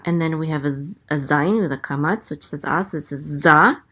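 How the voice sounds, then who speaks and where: A woman teaching a language lesson, sounding out letters and vowels slowly and carefully, with frequent hesitations. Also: sits low, a bit bright, husky. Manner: hesitant, many ums, slow careful sounding-out. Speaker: Hebrew teacher. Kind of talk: casual teaching, spelling out letters.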